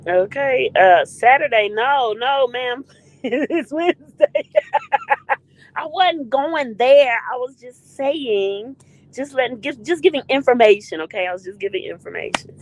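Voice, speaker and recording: A woman's voice: on the high side, expressive, normal speed, rough recording. A woman hosting a casual live stream, greeting viewers in the chat by name in a playful way.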